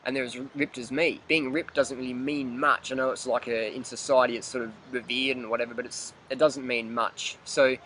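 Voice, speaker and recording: A man's voice: mid-range voice, fairly even intonation, fairly quick, few pauses, pushed and bright, a little hiss or hum. A man ranting bluntly in a fitness vlog, profane, emphatic and repetitive. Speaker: fitness vlogger.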